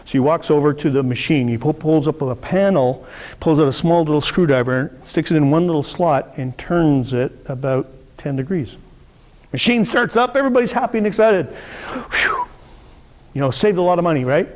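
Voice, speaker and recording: A man's voice: a little high, a little fast, darkish tone, in a large hall. A middle-aged man teaching a live sales workshop, telling stories and acting out the voices of the people in them. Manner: storytelling, acts out quoted voices. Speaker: sales coach.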